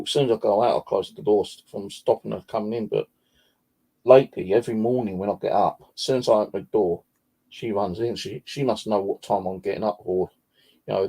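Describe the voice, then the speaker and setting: A man's voice: on the low side, mellow, slightly rough. A man telling rambling, profane stories about his cat in a casual vlog chat. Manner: swears freely, rambling anecdotes. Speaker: vlogger. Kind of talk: casual storytelling.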